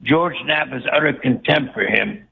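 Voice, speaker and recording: A man's voice: mid-range voice, moderate pace, creaky. A man calling in to a radio show, speaking bluntly and scornfully. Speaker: caller. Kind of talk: phone-in call. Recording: phone line with faint noise.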